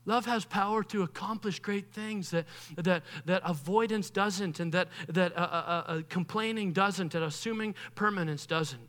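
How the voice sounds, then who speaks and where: A man preaching a sermon as pastor, animated, acting out the voices of people he quotes, rising to loud bursts and dropping quiet. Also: high voice, moderate pace, hardly any pauses.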